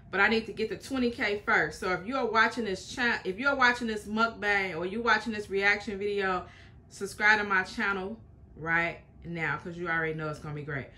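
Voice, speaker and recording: A woman talks through a reaction video in a casual, chatty way, stressing and restating each point. Her voice is bright and a little sharp, and her pitch sits in a middle range. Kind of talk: casual commentary.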